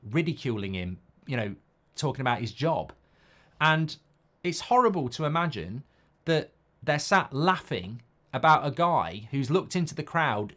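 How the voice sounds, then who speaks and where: Hosting a live football watchalong in a fairly high-pitched voice, a man speaks bluntly as he reacts to the match and goes through viewer comments.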